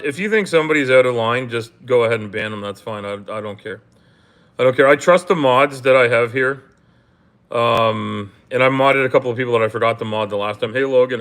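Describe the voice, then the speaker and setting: A man's voice: mid-range voice, fairly bright tone. Rambling Canadian man chatting on a livestream. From Canada, grew up in Toronto. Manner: rambling, halting, many ums and restarts; blunt, swears freely. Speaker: livestream host. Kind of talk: casual livestream chat with viewers.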